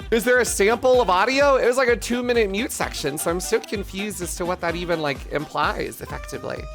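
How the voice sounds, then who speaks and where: Rambling, profane male streamer. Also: high voice. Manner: rambling, self-mocking, profane. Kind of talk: casual live-stream chat. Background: faint music playlist.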